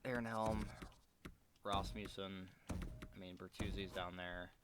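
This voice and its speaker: A man's voice: deep voice, steady tone, slow pace, noisy background. A man giving casual commentary while playing a hockey management game, frustrated and swearing, muttering to himself at his desk. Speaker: gaming video creator.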